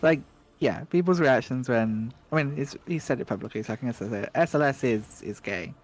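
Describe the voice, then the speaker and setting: A man's voice: medium pitch, lively intonation, normal speed. Chatty joking man moderating a stream. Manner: chatty, joking, rambling with many restarts. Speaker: stream moderator co-hosting a speedrun stream. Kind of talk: casual stream chat, talking to viewers.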